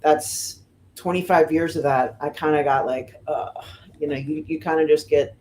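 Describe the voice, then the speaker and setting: A middle-aged woman from the United States, a fire lieutenant, telling stories casually in an interview, with lots of "you know" and "um" and lively voices for the people she quotes. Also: low voice, normal speed. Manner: chatty, fills with "you know" and "um", animated retelling of quotes. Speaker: firefighter lieutenant and guest.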